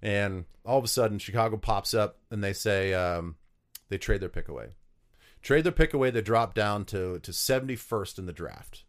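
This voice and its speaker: Here the former pro football player from South Dakota has a fairly low voice with lively intonation at a normal speed. His interview answers are stories that wander, packed with fillers and restarts.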